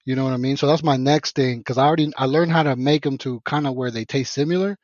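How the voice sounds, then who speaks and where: A man's voice: mid-range voice, fast talker, dry recording. A man from Mexico telling a rambling, profane story in casual podcast chat, full of restarts. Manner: profane, rambling, animated retelling with many restarts. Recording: dull lo-fi podcast audio.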